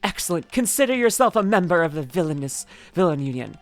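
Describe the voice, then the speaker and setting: A woman's voice: fairly low pitch, very animated, fast. A woman reading aloud as a scheming woman villain recruiter from a game story, keeping close to her own voice. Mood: gleeful.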